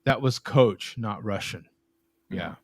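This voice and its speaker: A man's voice: lowish voice, takes it slowly, gravelly. A man hosting a casual beer chat, joking and rambling, often laughing. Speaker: podcast host. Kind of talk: casual chat over beers.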